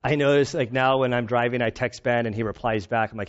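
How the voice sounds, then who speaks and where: A male pastor preaching in a casual, storytelling way, animated and self-mocking, often laughing. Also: mid-range voice, quick pace. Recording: dull lo-fi recording.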